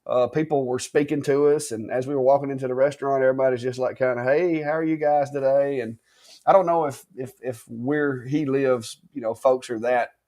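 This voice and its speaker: A man's voice: mid-range voice, steady tone, a little fast, a little mellow. A man from Alabama with a Southern accent, co-hosting a casual live stream and telling stories in a chatty, drawling way. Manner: chatty storyteller, drawling, says y'all. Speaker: co-host.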